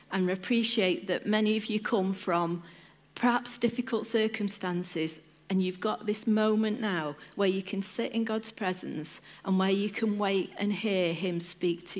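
A woman from a church lead team giving an informal sermon, chatting and joking with the congregation and asking them questions. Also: medium pitch. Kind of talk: informal sermon with audience interaction. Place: church service.

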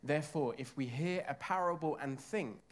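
Chatty English preacher with a congregation. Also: male voice, a little high, normal speed. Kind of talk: sermon.

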